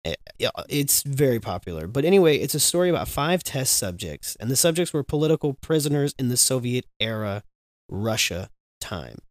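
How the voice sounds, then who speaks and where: A man's voice: medium pitch, very animated, brisk, few pauses, no echo. A man co-hosting a podcast, chatting loosely with a friend, rambling, joking and swearing freely. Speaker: podcast co-host. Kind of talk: casual podcast chat.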